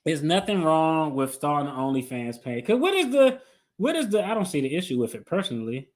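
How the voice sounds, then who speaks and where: Animated storytelling man, high voice. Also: fairly quick. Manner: animated, playful, acts out his own quotes. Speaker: attorney and finance video host. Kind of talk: casual storytelling monologue.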